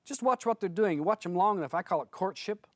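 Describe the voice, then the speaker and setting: A man's voice: high voice, fairly quick, dry recording. A man who is a spiritual teacher, giving a blunt, conversational seminar talk full of stories to an audience.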